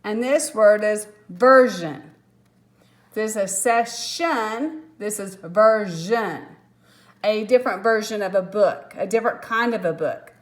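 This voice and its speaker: A woman teacher slowly walking through a phonics lesson, patient and step by step, with small apologetic asides. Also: mid-range voice.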